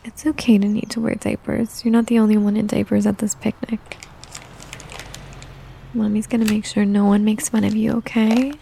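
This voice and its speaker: A young adult woman performing a whispered role-play, talking softly and soothingly like a coaxing caretaker. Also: medium pitch, level tone, moderate pace, gravelly, slight background noise. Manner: soothing, coaxing caretaker talk, mostly soft and close.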